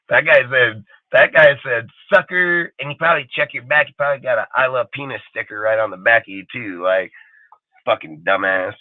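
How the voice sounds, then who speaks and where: A man's voice: mid-range voice, fairly even intonation, moderate pace, no room sound. A man hosting a live show, ranting angrily and swearing constantly, mocking other people's voices. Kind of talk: profane ranting live stream. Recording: tinny phone-like dry sound.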